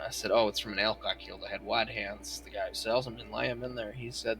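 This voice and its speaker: A man roleplaying in character, spinning a profane, animated story full of quoted dialogue. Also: fairly low pitch, quick pace, hardly any pauses, soft background music.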